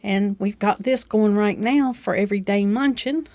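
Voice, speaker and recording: A woman's voice: mid-range voice, normal speed, mellow, no room sound. Chatty woman showing off home decor. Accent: Appalachian. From Appalachia. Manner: homey, chatty, with frequent uh fillers. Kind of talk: casual show-and-tell vlog. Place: at home, kitchen.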